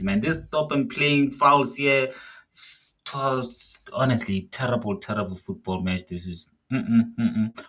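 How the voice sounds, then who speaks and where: Exasperated male football fan, husky voice. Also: on the low side, measured pace, a bit bright. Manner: exasperated, ranting. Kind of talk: live watch-along commentary.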